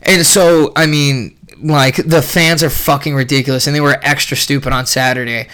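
A young man ranting casually about a fight event, profane and rambling, clearly irritated. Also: mid-range voice, fairly even intonation, moderate pace, pushed and bright. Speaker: podcast host recapping a fight event.

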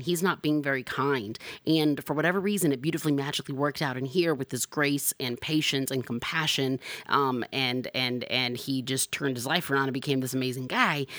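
A young woman hosting a podcast in casual chat, sassy and animated, jumping to high exclamations. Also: dry recording. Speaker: podcast host.

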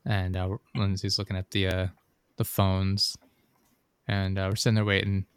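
A young adult man recounts his day in a loose, rambling podcast chat, peppered with fillers and swearing. His voice sits fairly low. The sound is dry and close, with no room echo. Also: level tone, normal speed, clean tone. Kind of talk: casual chat.

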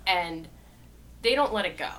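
A woman's voice: fairly low pitch, lively intonation, unhurried, bright, forceful tone, a little hiss or hum, rough recording. A woman talking bluntly in casual podcast chat and swearing freely. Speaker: podcast co-host.

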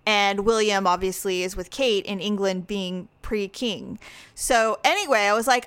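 A woman co-hosting a podcast, telling stories in a chatty, animated way with quick asides. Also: medium pitch, clear, resonant tone, dry recording, studio quality. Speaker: podcast co-host. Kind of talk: casual chat.

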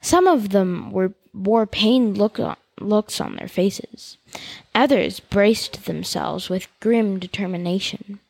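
A woman podcast host reading a novel aloud in a steady, expressive way. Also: medium pitch, slow pace, creaky, slightly rough, no room sound.

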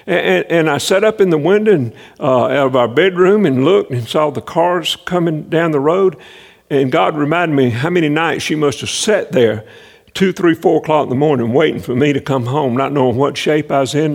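A man's voice: on the high side, creaky, big-room sound. A man preaching a sermon testimony as an emotional storyteller who repeats words when he is moved.

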